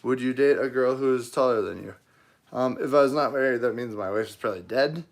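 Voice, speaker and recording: Hosting a livestream from his knife-making shop, a man with a mid-range voice talks a little fast. He's easygoing and jokes around while answering viewer comments in casual live chat.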